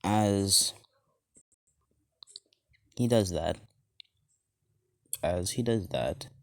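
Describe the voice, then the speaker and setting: A man's voice: sits low, very slow, creaky, no room sound. A man casually narrating a fan-made story in a rambling, loose way full of fillers.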